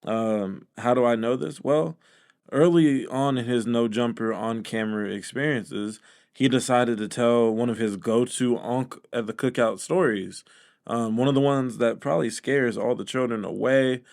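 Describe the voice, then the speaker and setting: A man's voice: medium pitch, vocal fry, a little mellow. Sarcastic male commentator. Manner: sarcastic, incredulous, many filler pauses. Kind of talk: reaction commentary.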